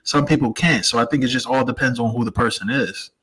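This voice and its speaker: A man's voice: medium pitch, quick pace, bright, forceful tone, breathy edge, low-quality recording. A man from Jamaica co-hosting a casual podcast, outspoken and swearing freely. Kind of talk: casual chat.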